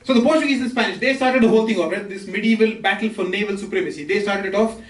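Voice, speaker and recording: High-voiced man doing stand-up, echoey club. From India. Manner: brisk joke delivery, quick asides to the crowd. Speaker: stand-up comedian. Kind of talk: stand-up comedy set. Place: comedy club stage with laughing audience. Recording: roomy, distant, with crowd laughter.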